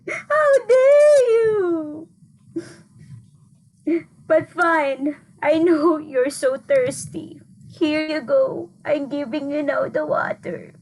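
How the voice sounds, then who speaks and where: A woman voicing a cross young girl in an amateur skit, scolding and indignant. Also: high voice. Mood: relenting. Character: cross young girl guarding her fries.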